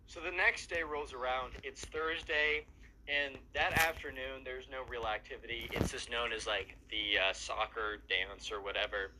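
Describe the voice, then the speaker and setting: A man spinning a casual story over gameplay, chatty and loose with lots of fillers. His voice sits at a middle pitch over a steady background hiss. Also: normal speed, rough recording. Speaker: storyteller and gamer.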